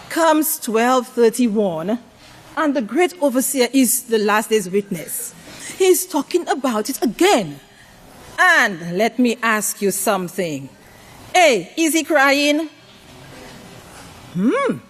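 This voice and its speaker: High-voiced woman preaching a sermon. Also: a little hiss or hum. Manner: call-and-response questions to the congregation; varies pitch widely for emphasis. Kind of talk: sermon to a congregation.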